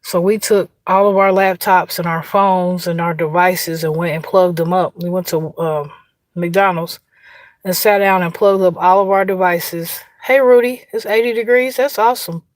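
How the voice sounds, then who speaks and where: A woman's voice: on the low side, little pitch movement, a little slow, dry recording. A woman with an Indiana accent telling a story casually on an outdoor livestream, chatty, laughing and greeting viewers by name. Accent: Indiana, US Midwest. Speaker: livestream host.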